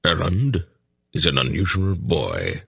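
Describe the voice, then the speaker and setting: A man reading an audiobook puts on an old wizard, calm and wry, who talks mildly and without hurry. The voice is very low and gravelly, with a husky edge. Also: no room sound, clean studio sound, exaggerated voice. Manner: mild, unhurried. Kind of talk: audiobook narration.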